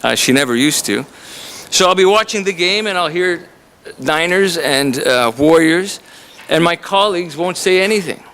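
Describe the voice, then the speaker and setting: In a college lecture room, a man from Canada who teaches there gives a humorous, chatty introduction of a visiting author. He speaks at a moderate pace in a slightly high, animated, fairly bright voice, and a bit of background noise is audible.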